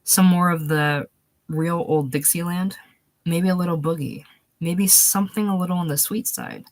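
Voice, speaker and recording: A woman's voice: on the low side, normal speed, a little mellow, dry recording, natural voice. A woman voicing a grinning, deferential male nightclub pianist in a storybook reading, folksy and eager. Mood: eager to please.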